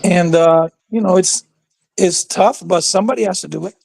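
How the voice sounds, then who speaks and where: A man as a guest on a casual livestream, speaking in a measured, hesitant way with frequent ums. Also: high-pitched, vocal fry, darkish tone, slightly rough.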